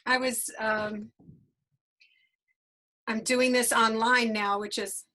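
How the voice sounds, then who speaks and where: A woman hosting a casual interview over a video call, chatty and effusive and quick to laugh. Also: on the high side, little pitch movement, pushed and bright, rough recording. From New York. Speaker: host.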